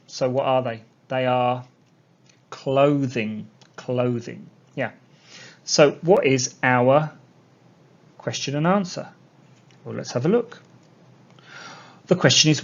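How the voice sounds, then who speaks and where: A man teaching an English lesson to young learners, explaining slowly and repeating key words. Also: medium pitch. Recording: dull lo-fi sound.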